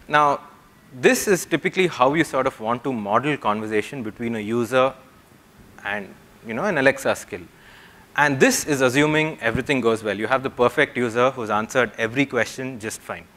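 A young man giving a conference talk, explaining patiently and often checking in with the audience with a quick "yeah?". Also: mid-range voice, fairly bright tone. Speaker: conference speaker. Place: conference hall.

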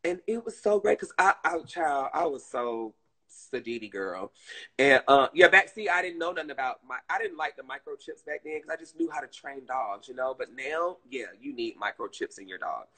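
A man's voice: mid-range voice, normal speed. A man from Georgia, chatting casually and telling stories on a live stream. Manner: chatty, expressive storytelling.

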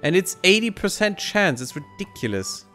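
A man's voice: sits high, sing-song, moderate pace, pushed and bright, soft background music. A man hosting a let's play, giving casual sarcastic commentary while he plays and swears freely.

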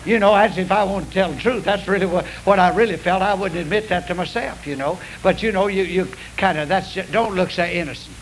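Folksy high-voiced preacher man. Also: brisk, hardly any pauses. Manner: folksy, confessional, drawling. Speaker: pastor. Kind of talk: sermon with storytelling. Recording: hissy old radio broadcast.

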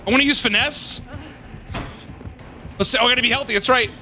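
A man giving casual, excitable gameplay commentary as a gaming YouTuber, swearing and laughing often. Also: very high voice, fairly quick, soft background music.

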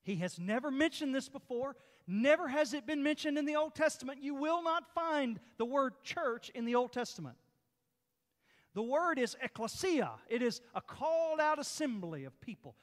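A man's voice: very high-pitched, lively intonation, normal speed, long reverb tail. A man preaching a sermon as pastor, with an emphatic, repetitive delivery. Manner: emphatic, repetitive preaching with rising and falling force. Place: church sanctuary.

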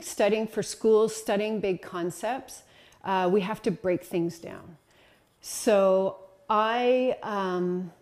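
A woman's voice: mid-range voice, a little mellow. A woman presenting a talk with slides to an audience, conversational and encouraging, with frequent ums and uhs. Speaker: lecturer.

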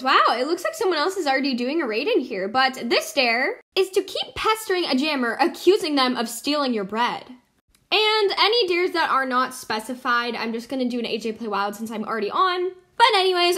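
A woman's voice: sits high, animated, a little fast, a bit bright. A young woman hosting casual game commentary, bubbly and giggly, swinging between squeals and mutters. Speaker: gaming channel host.

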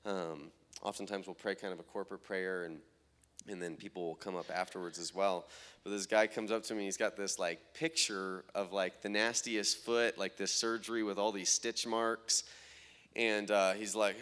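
A young man, a minister, telling testimony stories from healing meetings, halting with fillers and growing excited as he retells what people said. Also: fairly low pitch, clean tone. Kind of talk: testimony storytelling.

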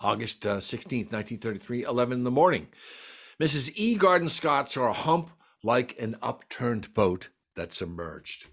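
A man's voice: medium pitch, sing-song. Enthusiastic man reading off sighting reports. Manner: enthusiastic, reads dates and sighting reports in quick lists. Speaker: folklorist giving a library talk. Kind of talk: lecture presentation.

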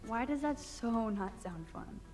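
A woman's voice: fairly high pitch, lively intonation, measured pace, a little mellow, soft background music. An actress voicing a wry, reflective young female student in a video game.

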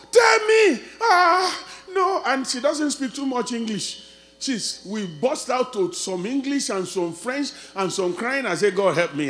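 High-voiced preacher with a faint hum. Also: male voice. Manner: swings from quiet storytelling to loud shouted preaching. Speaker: pastor. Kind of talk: sermon.

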